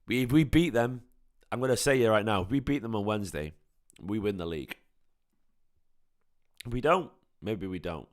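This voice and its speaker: A man's voice: fairly low pitch, normal speed, pauses often. A man, hosting a casual football fan reaction stream, passionate and rambling with swearing, tired and his voice going. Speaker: football fan channel host. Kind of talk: casual live match reaction.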